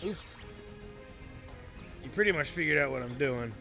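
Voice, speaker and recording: Let's play host, male, casual and rambling, mid-pitched, faint game music behind. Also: expressive, moderate pace, creaky, pushed and bright. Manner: rambling and self-talking, with fillers and mild joke curses. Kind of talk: casual gameplay commentary.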